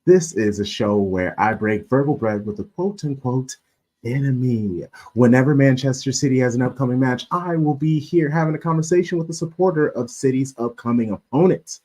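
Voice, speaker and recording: A man's voice: mid-range voice, normal speed, a little mellow. A man hosting a casual live-stream sports chat, playful and joking, laughing often. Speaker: podcast host.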